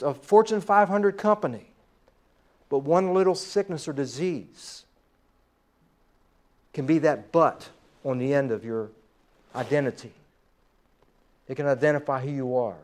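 A pastor preaching a sermon to his congregation, slightly hoarse, with rising emphasis and trailing pauses. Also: fairly high pitch.

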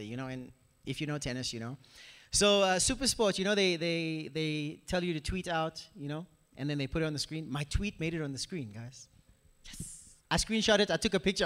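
A young man preaching a casual, animated sermon in a church, talking straight to the congregation with lots of asides. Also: sits high, fairly quick, long reverb tail. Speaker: pastor. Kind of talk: conversational sermon.

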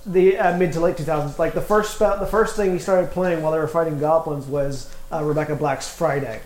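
A man's voice: fairly high pitch, steady tone, brisk, roomy sound, a crowd in the background, low-quality recording. A man playing a tabletop game, joking and telling a story with many fillers. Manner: jokey, tells anecdotes with fillers. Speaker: player. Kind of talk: casual tabletop play.

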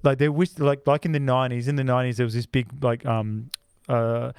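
Podcast co-host, male, animated storyteller who slips into voices, dry close mic. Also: mid-range voice, a little fast, clean tone, no room sound. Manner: animated, acts out voices of people in his stories. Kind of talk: casual film discussion.

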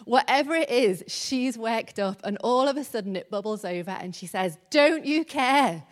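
A woman's voice: medium pitch, normal speed. A woman preaching a conversational sermon, often laughing lightly and acting out the lines she quotes.

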